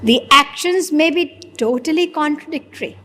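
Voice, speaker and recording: High-voiced woman preaching in a reverberant hall. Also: normal speed, pushed and bright, a little hiss or hum. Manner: rhetorical, questions the audience and answers herself. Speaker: spiritual preacher. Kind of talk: sermon.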